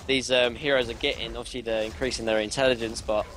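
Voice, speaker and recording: A hoarse young man giving color commentary on a live esports match, rambling through his analysis with lots of fillers. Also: medium pitch, level tone, quick pace, fairly bright tone, a little hiss or hum.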